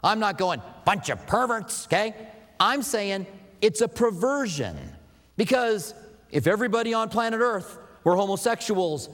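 A pastor preaching a sermon in a loose, conversational way, with asides and filler words. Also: male voice, sits high, expressive, normal speed, fairly bright tone, long reverb tail.

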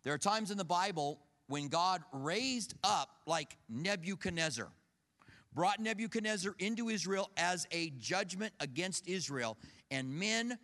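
Animated pastor preaching in a reverberant hall. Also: male voice, high voice, unhurried. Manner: storytelling, acts out quoted voices, animated. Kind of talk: conversational sermon with personal stories. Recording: long reverb of a large hall.

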